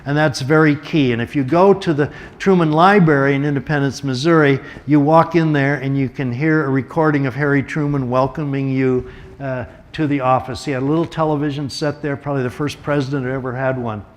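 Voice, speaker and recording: A man's voice: mid-range voice, steady tone, a little fast. A man giving a storytelling talk as a guest speaker, conversational and anecdotal, with offhand asides.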